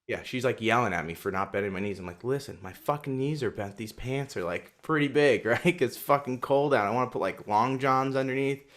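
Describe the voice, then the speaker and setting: A young man co-hosting a casual podcast, his voice sitting at an ordinary middle pitch. He tells his story with heavy swearing and builds to loud, heated outbursts when he acts out his own replies. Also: a little fast, few pauses. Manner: animated storyteller, swears constantly, gets loud and heated when quoting himself. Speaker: podcast co-host. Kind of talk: casual chat.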